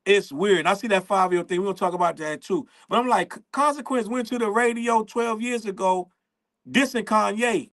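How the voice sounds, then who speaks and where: A man with a notably high-pitched speaking voice hosts a casual commentary show. He rants in a profane, animated style and breaks into laughs between points. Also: moderate pace. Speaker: show host.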